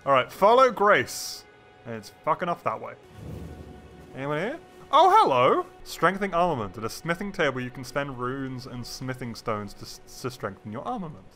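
A man streaming gameplay, excitable and swearing often while chatting to the characters on screen. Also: medium pitch, brisk, faint music behind. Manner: excitable, swears a lot, talks to game characters. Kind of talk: live gameplay commentary.

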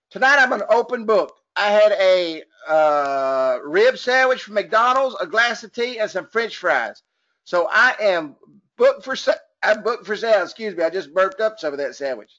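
A man's voice: high voice, fairly bright tone, dull audio. A man from Texas with a Texan accent running a motivational business training webinar, folksy and upbeat, joking and chatting with attendees.

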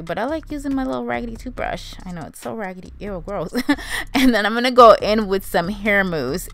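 A woman's voice: medium pitch, a bit bright. A young woman narrating a wig tutorial in a casual, chatty way, calling her viewers "you guys" and "honey". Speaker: beauty vlogger.

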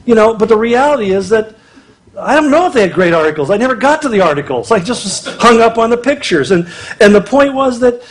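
A middle-aged man giving a conversational, humorous sermon at a marriage conference, acting out little quotes as he goes. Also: high voice. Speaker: conference speaker.

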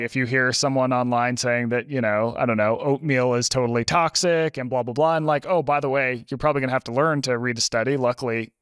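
A man in a conversational podcast interview, a lively storyteller who talks with plenty of fillers. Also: medium pitch, no room sound, studio quality. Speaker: podcast guest, author.

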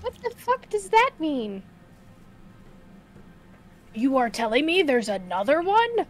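A high-voiced young woman chatting on a live game stream. She reacts loudly and swears freely. Her delivery is excitable and quick to laughter. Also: faint music behind. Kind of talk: live stream gameplay chat.

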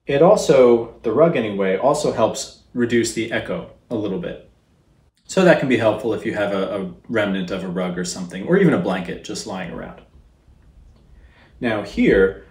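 A man teaching how to record a voice, explaining calmly in a closet set up as a recording booth and speaking into a studio microphone. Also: lowish voice, reverberant. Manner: calm, explanatory, demonstrating as he goes. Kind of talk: instructional tutorial.

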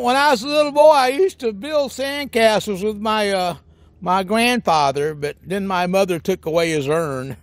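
High-pitched and at normal speed, the male voice sits in a dry recording. Playing a comedy sketch character, he hams up a goofy country hillbilly for a monologue, all folksy drawl, whooping, hooting and cackling.

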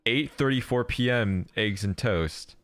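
A man streaming a game and chatting casually, with dry, deadpan jokes. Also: fairly low pitch, unhurried. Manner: dry, deadpan jokey banter. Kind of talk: casual gaming stream chat.

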